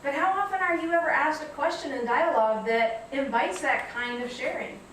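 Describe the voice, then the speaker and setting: A woman giving a reflective public talk, telling stories in a measured way. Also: high voice, a bit bright, very echoey, recorded from a distance, a little hiss or hum, low-quality recording. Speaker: guest speaker. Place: lecture hall.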